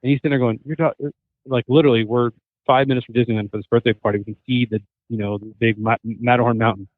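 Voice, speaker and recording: Very fast and mid-pitched, the voice belongs to a hunter-chef in his thirties guesting on a podcast. He spins animated stories full of acted-out quotes in easygoing conversation. The recording is dry and comes through a tinny, phone-style remote line.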